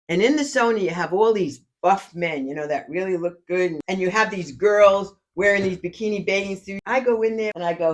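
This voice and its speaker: An older woman, a grandmother, chatting at home and telling boastful, funny stories with lots of laughter. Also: mid-range voice. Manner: lively, boastful storyteller who laughs often. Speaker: podcast guest grandmother. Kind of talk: casual chat.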